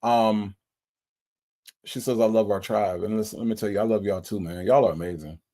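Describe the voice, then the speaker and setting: Lowish voiced guy on a stream, gets choked up thanking everyone over and over. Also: steady tone, fairly quick, mellow. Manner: emotional, repeats thanks over and over. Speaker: livestream host. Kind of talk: casual livestream shout-outs.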